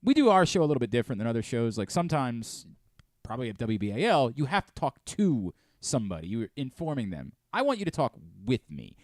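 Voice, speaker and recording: A man's voice: medium pitch, quick pace, no echo. A man hosts a radio show from a studio, chatting casually and going off on tangents. His voice rises and falls a lot as he talks. The sound is dry and close to the mic. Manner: animated, rambling, self-interrupting.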